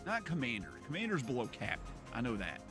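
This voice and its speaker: A man's voice: mid-range voice, wildly swooping pitch, fast talker. Joking male game streamer. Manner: rambling, joking, voices game characters. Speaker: gaming streamer. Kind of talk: casual playthrough commentary. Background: game music.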